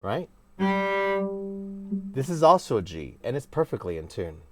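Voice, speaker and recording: A man teaching a casual cello lesson, talking in an animated, playfully emphatic way with sudden exclamations. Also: fairly low pitch, measured pace, loud music behind the voice. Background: cello playing.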